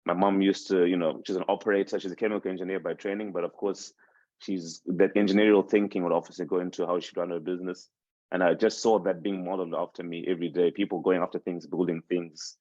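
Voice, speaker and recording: Low-voiced man with Shona roots, dull dry sound. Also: little pitch movement, quick pace, darkish tone, no room sound. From Zimbabwe. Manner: reflective, rambling with frequent restarts and fillers. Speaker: podcast host interviewed as guest. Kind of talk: casual podcast interview.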